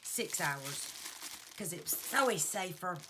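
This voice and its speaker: A woman's voice: fairly low pitch, lively intonation, measured pace, noisy background. A woman vlogger, chatting casually to her viewers in a rambling, heartfelt way and laughing at herself. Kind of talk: casual chat to camera.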